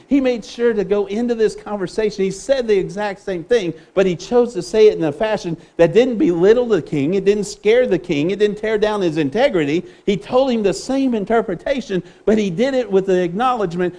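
A man's voice: high voice, fairly quick, few pauses, dark tone. A man preaching a sermon in an earnest way, often repeating words as he restarts.

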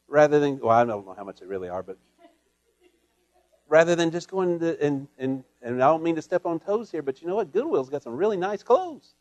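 A man preaching a sermon in an earnest way, often repeating words as he searches for them, and moving between raised lines and hushed ones. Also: fairly high pitch, very animated, a little fast, no room sound, muffled recording.

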